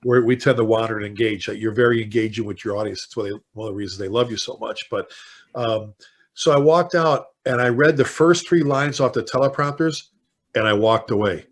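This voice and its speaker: A man in his sixties with a Chicago accent, a veteran fire chief telling lively stories as a podcast guest and slipping into impassioned rants. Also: on the low side, brisk. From Chicago, United States. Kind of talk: casual podcast interview.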